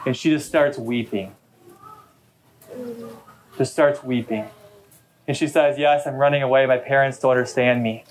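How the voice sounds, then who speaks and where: A man's voice: mid-range voice, fairly even intonation, normal speed, long pauses. A middle-aged man, a pastor, preaching a sermon in a chatty, storytelling way during a church service. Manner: conversational storytelling preacher, talkative.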